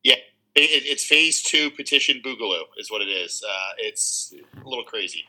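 A man's voice: mid-range voice, animated, normal speed, sharp tone, poor audio. A man, a podcast guest, explaining election rules in detail with some fillers. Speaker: guest, local political organizer. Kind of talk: casual interview chat.

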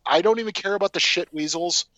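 Man, casual podcast chat, slightly high voice, swears freely, dry recording. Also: quick pace, sharp tone, no echo. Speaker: podcast co-host.

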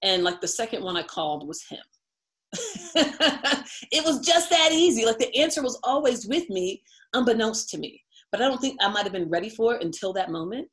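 A woman's voice: a little high, expressive, moderate pace, a bit bright. A middle-aged woman from the United States, an interview guest telling a personal story, chatty and laughing often.

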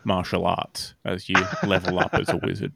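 A man co-hosting a casual podcast, throwing in questions and quick agreement. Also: low-pitched, level tone, vocal fry, background noise. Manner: eggs others on, quick agreeing interjections. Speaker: podcast co-host. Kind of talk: casual chat.

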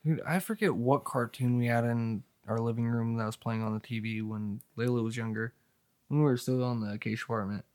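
A man's voice: medium pitch, fairly even intonation, brisk, darkish tone. A man chatting casually and telling stories in a profane, slangy way. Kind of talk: casual chat.

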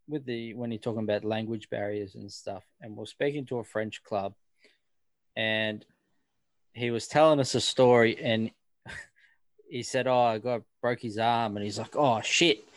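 A laid-back Australian man co-hosting a podcast, chatting casually and hesitantly. His voice is close and dry, with no room sound around it, and sits at a middle pitch. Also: normal speed, darkish tone, no room sound. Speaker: podcast co-host. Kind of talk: casual chat.

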